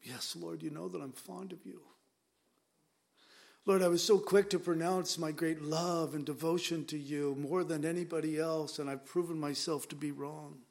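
A man voicing a remorseful apostle, speaking in a hushed, pleading way. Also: a little high, steady tone, moderate pace, gravelly. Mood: humbled. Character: remorseful apostle, grown man, broken and ashamed.

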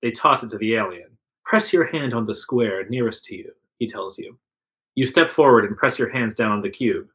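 Here a man narrates an interactive story in the second person for his friends, giving the quotes a lively touch. He speaks at medium pitch and a moderate pace with a slightly bright sound, captured on poor audio.

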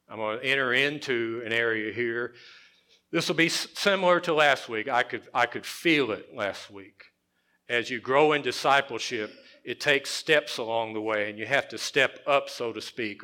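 A male pastor preaching a sermon in a conversational way, repeating phrases and dropping his voice to a hush for emphasis. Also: mid-range voice.

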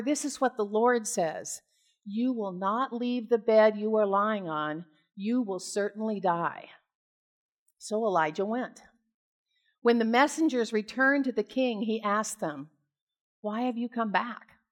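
An American woman preaching from the pulpit at an ordinary, mid-range pitch. She reads scripture with care, slips into relaxed, conversational retellings, and asks the congregation direct questions. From United States. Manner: storytelling, casual asides, questions to the congregation. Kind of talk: scripture reading and sermon.

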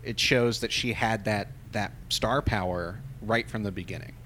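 A man's voice: on the low side, normal speed, fairly bright tone. Man musing on a film, faint hiss. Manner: thoughtful, builds points with many fillers. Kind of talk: casual movie chat.

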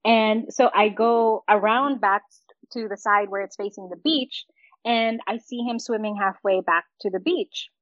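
A woman's voice: medium pitch, unhurried, no echo, muffled recording. A woman co-hosting a casual podcast, telling a story with frequent laughs and acting out the lines she quotes.

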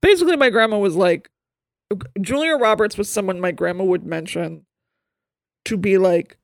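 A woman co-hosting a podcast in casual chat, talking in digressive runs full of quick asides. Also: medium pitch, vocal fry, no echo, studio quality. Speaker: podcast co-host.

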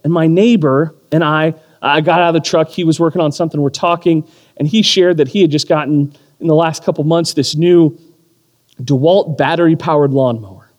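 Animated male pastor in a reverberant hall. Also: fairly high pitch, a little fast. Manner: animated storytelling with self-deprecating humor. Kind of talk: sermon. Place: church or community hall.

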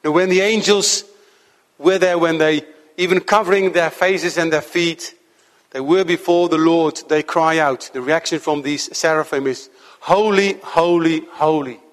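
A man's voice: fairly high pitch, steady tone. Man preaching in a reverberant church. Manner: earnest, measured preaching with slow emphatic stretches. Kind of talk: sermon.

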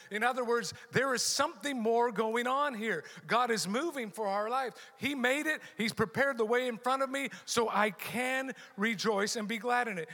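A man's voice: very high voice, moderate pace, few pauses, bright, forceful tone. A middle-aged man preaching a sermon as pastor, emphatic and repeating his key phrases. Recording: long hall reverb.

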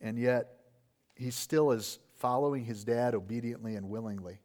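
A man's voice: mid-range voice, fairly even intonation, normal speed, darkish tone. Earnest man preaching a sermon. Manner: earnest, explanatory, asks rhetorical questions. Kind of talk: expository sermon.

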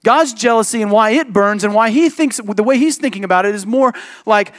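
Telling a personal story during his sermon, this high-voiced pastor speaks with animation and emphasis. He switches quickly into the voices of other people.

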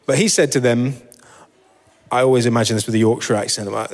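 A man giving a sermon and reading scripture, relaxed and self-deprecating, with frequent fillers. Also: fairly low pitch, fast, long reverb tail. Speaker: preacher.

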